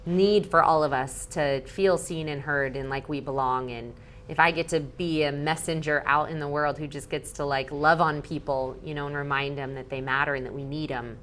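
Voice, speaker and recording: Casting: low-pitched woman, 30s, chatty interview guest, faint rumble under her. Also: fairly even intonation, moderate pace, fairly bright tone. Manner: bubbly, heavy use of "like", acts out quotes. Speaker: guest speaker and activist. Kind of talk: animated interview talk.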